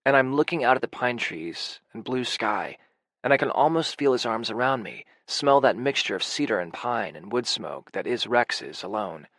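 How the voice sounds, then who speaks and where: Give me a man narrating a first-person audiobook, soft and intimate, dry booth sound. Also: mid-range voice, expressive, moderate pace, no echo. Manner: quiet, intimate.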